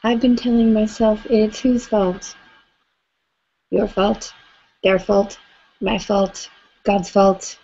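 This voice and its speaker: A woman leading a live tapping session, gently coaching listeners through phrases for them to repeat. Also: mid-range voice, little pitch movement, takes it slowly, pauses often, husky. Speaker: EFT tapping facilitator. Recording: slightly dull lo-fi audio.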